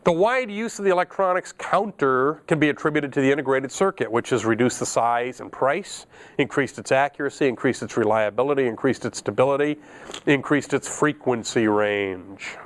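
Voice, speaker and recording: A middle-aged electronics instructor gives a classroom lecture in a chatty, joking way, laughing at his own asides. He has a mid-range voice and talks at a normal speed.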